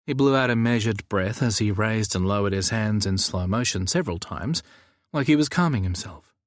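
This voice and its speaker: A man narrating a novel in the first person, with an expressive, wry delivery. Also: lowish voice, moderate pace, dry recording, clean studio sound. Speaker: audiobook narrator.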